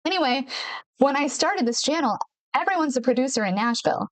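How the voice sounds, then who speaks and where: A woman's voice: sits high, lively intonation, brisk, no echo. A woman hosting a podcast in casual talk to camera, chatty and repeating words for emphasis, speaking into a home studio microphone. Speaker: podcast host. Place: her home studio in Nashville.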